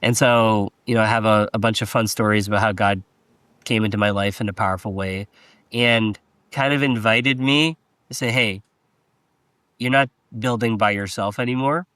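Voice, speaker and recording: A man with a low voice speaks hesitantly, stopping and restarting as he looks for words. The recording is dry and close. It is a casual podcast chat. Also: fairly even intonation, moderate pace, a bit bright, clean tone, no echo. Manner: hesitant, many fillers and restarts.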